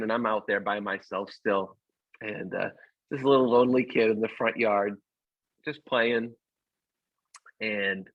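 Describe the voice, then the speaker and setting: A man telling a childhood story in a halting way, with many fillers and restarts. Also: fairly low pitch, dry recording, narrow, tinny audio. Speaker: guest storyteller. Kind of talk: personal storytelling.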